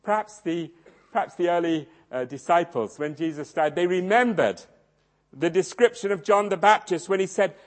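A man preaching a sermon, swinging dramatically between loud emphasis and hushed low tones. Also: moderate pace. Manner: acts out quoted voices in his storytelling.

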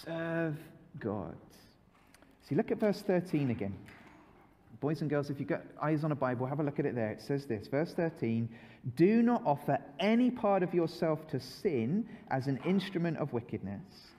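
A man preaching a lively children's sermon to a congregation, repeating key phrases so listeners can join in. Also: on the high side, normal speed, a little hiss or hum. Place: church hall with long reverb. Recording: long hall reverb.

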